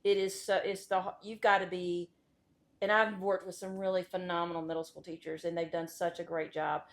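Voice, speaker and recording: Middle-aged woman, school administrator on a podcast, lowish voice, says what she thinks straight out. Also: flat delivery, normal speed. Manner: candid, emphatic opinions. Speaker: school vice principal, guest. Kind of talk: casual interview chat.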